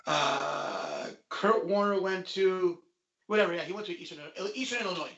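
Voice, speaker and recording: A man's voice: sits high, moderate pace, vocal fry, a bit bright, reverberant, highs cut off. A man co-hosting a casual sports podcast, unsure of his answers and second-guessing himself as he goes. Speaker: podcast co-host. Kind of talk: casual sports quiz chat.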